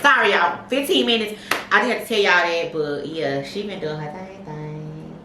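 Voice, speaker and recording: A woman co-hosting a podcast, telling stories in a candid, profane, animated way. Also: on the low side, normal speed, echoey room, distant mic, over music. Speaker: podcast co-host. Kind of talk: casual chat, storytelling.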